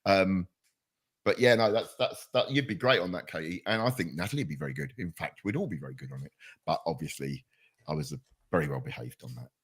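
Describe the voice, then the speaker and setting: A man's voice: low-pitched, brisk, husky. A man hosting a casual chat show, telling stories in a chatty, jokey way. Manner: chatty, jokey, animated storyteller. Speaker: show host.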